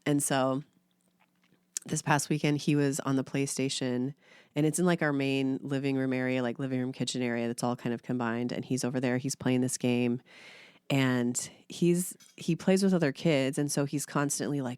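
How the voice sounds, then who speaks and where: A woman in her thirties, a podcast co-host, telling animated family stories in casual chat and laughing often. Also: very deep voice, moderate pace, smooth, no room sound, studio quality.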